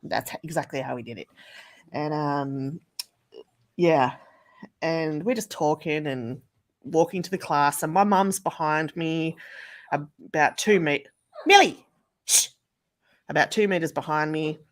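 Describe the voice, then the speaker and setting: A woman's voice: deep voice, unhurried, long pauses. A woman telling a story in a casual livestream, chatting and swearing freely.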